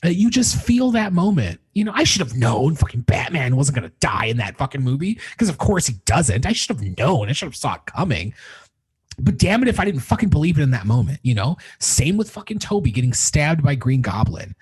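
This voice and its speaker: A man's voice: fairly high pitch, big pitch swings, fairly quick, slightly rough. A young man hosting his podcast, casually retelling a film scene by scene, swearing constantly and getting emotional as he rambles. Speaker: podcast host reviewing a film. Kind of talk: casual spoiler review monologue.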